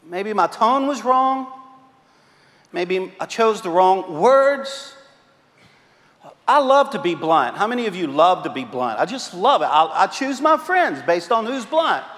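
A man's voice: high voice, very animated, measured pace, fairly bright tone. A man preaching a sermon as pastor, telling self-mocking, humorous stories to his congregation. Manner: joking, self-mocking storyteller. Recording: long hall reverb.

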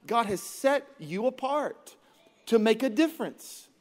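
A man in his thirties preaches to a congregation in a high, bright tenor. He is energetic and playful, cracking jokes and mimicking his kids, and his voice carries a long reverb through a big church hall. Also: unhurried. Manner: energetic, joking, acts out his kids' voices. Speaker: pastor. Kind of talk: sermon. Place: large church auditorium.

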